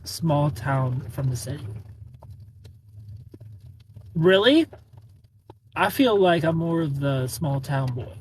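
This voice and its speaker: A man's voice: on the high side, slight background noise. A man chatting on a casual live stream, greeting viewers by name, playful and laughing often.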